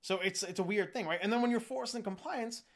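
High-voiced man riffing bluntly. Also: fairly bright tone. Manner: blunt, swears, riffs with quick jokes. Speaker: podcast co-host. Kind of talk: casual chat.

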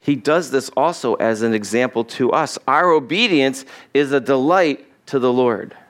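A man's voice: medium pitch, animated, moderate pace. A male pastor giving a conversational sermon, acting out the lines he quotes and chuckling as he goes.

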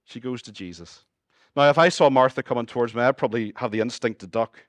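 A man with a Northern Irish accent preaching a sermon as pastor, moving between lively humorous asides and hushed, earnest appeals to his listeners. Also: medium pitch, fast talker, no echo. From Northern Ireland.

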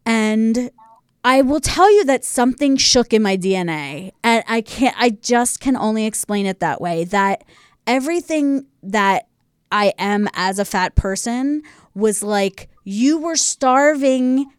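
A woman's voice: on the high side, animated, measured pace, smooth, no room sound, studio quality. A woman co-hosting a podcast, talking effusively and openly about her own experience in a casual interview. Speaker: podcast co-host.

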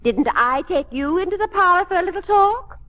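A flustered older mother in an old radio comedy, a high voice that swoops up and down and trails into breathy giggles as she stumbles over her words. She is sweet and a little scatterbrained. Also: lively intonation, a little fast, fairly bright tone, dull audio. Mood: giggly. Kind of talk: 1950s radio sitcom acting.

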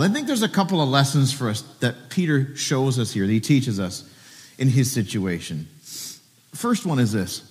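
A man's voice: mid-range voice, long reverb tail. A pastor preaching a sermon at a church service, earnestly asking his listeners direct questions.

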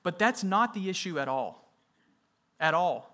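A man's voice: sits high, lively intonation, a little slow, sharp tone. A man preaching a sermon in an emphatic way, often repeating his key phrases for weight. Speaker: pastor.

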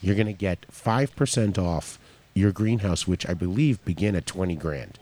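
Very low-voiced male co-host, casual sponsor reads, relaxed and salesy. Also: normal speed. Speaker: podcast co-host reading sponsor spots.

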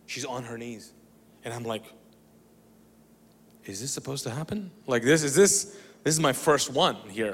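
A man from the Middle East preaching a sermon, telling a story with acted-out dialogue and moving between loud bursts and quiet, hushed lines. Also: mid-range voice, slight background noise. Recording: long reverb of a large hall.

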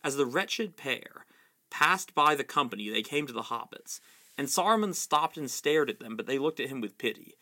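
A man reading a novel aloud in a steady storytelling manner, with the odd slip and correction. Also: mid-range voice, moderate pace. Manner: steady storytelling with small slips. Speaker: reader.

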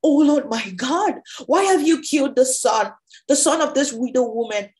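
Woman reading as a male prophet, loud, urgent, high. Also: moderate pace, close to an everyday voice.

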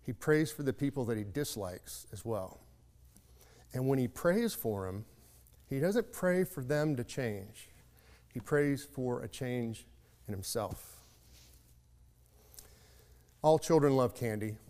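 Earnest male preacher, reflective storyteller, mid-pitched, long reverb of a big church. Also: expressive, slow, long pauses, darkish tone. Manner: earnest, reflective, varies pace for emphasis. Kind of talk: sermon with storytelling. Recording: long reverb of a large hall.

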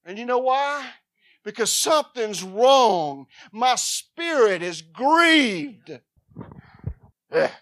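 A woman preaching a sermon with fervor, swinging between loud shouts and quiet asides. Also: fairly high pitch, expressive, extremely slow, dry recording.

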